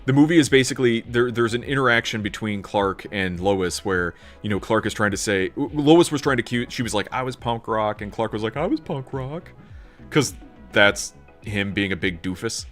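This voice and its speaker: A man's voice: lowish voice, moderate pace, soft background music. A man streaming live, chatting casually and ranting, laughing often and filling in with "like" and "um". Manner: animated, ranting, laughs often, lots of fillers. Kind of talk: casual livestream chat.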